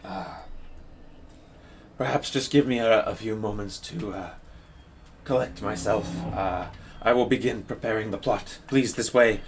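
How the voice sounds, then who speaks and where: A man voicing a weary middle-aged village priest with a hoarse, broken voice who talks quietly and sounds distracted. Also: on the low side, measured pace, long pauses, distant mic, a little hiss or hum, natural voice. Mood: weary, troubled.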